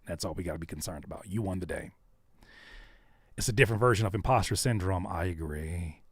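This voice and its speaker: A man's voice: deep voice, expressive, fast, slightly rough, no room sound, clean studio sound. A man who raps and produces, hosting a live stream with casual, slangy commentary. He repeats phrases for emphasis and acts out other people's remarks.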